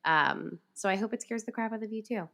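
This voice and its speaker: A woman co-hosting a podcast in casual chat, talking in an animated way full of filler words. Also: mid-range voice, fairly quick, creaky. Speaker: podcast co-host.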